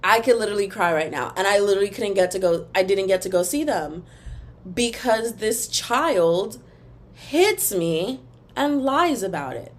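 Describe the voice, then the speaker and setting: A young woman hosting a casual solo podcast, ranting in an animated, emphatic, rambling way, and now and then breaking into a taunting sing-song chant. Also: medium pitch, moderate pace. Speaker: podcast host.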